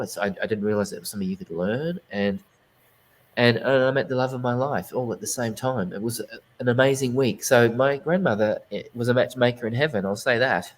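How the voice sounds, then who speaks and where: A man's voice: mid-range voice, a little fast, low-quality recording. A man, a guest psychic medium, telling his story in a casual interview, earnest and rambling with many restarts.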